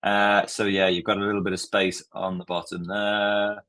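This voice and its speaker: A man's voice: lowish voice, level tone, moderate pace, a bit bright. Chatty man hosting a live tutorial. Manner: chatty, jokey, step-by-step. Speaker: tutorial host.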